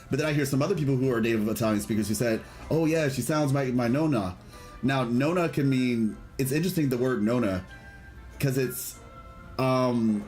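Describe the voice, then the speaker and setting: A man's voice: medium pitch, darkish tone. A man streaming a video game, chatting casually and enthusiastically with a rambling, friendly delivery while reading chat aloud. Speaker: gaming streamer.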